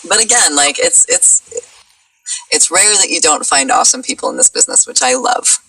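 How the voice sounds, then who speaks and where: A woman guest in a casual chat, talkative and quick to laugh. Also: mid-range voice, animated, vocal fry, pushed and bright, husky, distant mic, rough recording. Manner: chatty, laughs easily. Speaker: guest, voice actress.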